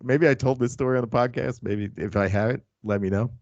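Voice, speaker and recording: A man's voice: mid-range voice, brisk, darkish tone, no echo, dull audio. A man hosting a podcast, telling a crude story in casual chat. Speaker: podcast host.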